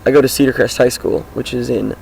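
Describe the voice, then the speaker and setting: Perched on his car outside, a high school vlogger from Washington State, US, fires off a quick, casual introduction of himself, cheerful, meandering, and full of fillers. His teen voice is hoarse, groggy, and gravelly, at medium pitch with a steady tone and a slightly mellow quality. Slight background noise accompanies a rough recording.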